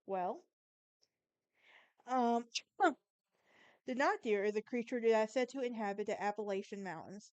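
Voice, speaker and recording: A woman's voice: on the high side, animated, a little slow, pauses often, darkish tone, smooth, no room sound. A young woman from Alabama with a Southern accent, hosting a casual solo podcast and chatting through a story, often stumbling and correcting herself. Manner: chatty, self-correcting, stumbles over words. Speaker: podcast host.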